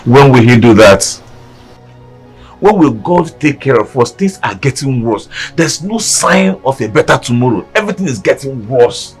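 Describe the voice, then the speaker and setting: Despairing poor husband. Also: male voice, mid-range voice, big pitch swings, moderate pace, husky, faint music behind. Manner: lamenting, pleading. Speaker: gateman and husband.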